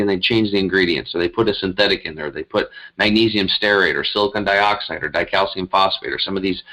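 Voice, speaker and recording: A man, a guest on an interview show, telling his story casually in a rambling, animated way. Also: on the low side, rough recording. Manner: animated, rambling, emphatic retelling. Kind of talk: conversational storytelling.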